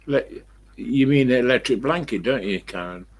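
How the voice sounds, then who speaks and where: A man's voice: mid-range voice, expressive, moderate pace. A man with an East Midlands accent, chatting casually at home to his live-stream viewers and rambling through anecdotes at a desk mic. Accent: East Midlands English. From England. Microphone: desk microphone he leans away from.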